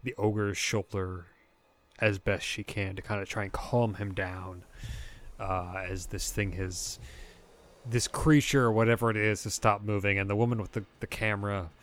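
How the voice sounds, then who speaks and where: A man narrating a tabletop game as game master, describing scenes in a relaxed, rambling way with fillers. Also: fairly low pitch.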